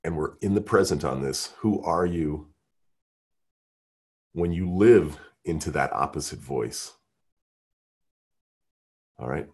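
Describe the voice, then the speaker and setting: Man, workshop leader, husky, energetic, questioning, coaxing. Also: a bass voice, takes it slowly, pauses often. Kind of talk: interactive workshop teaching.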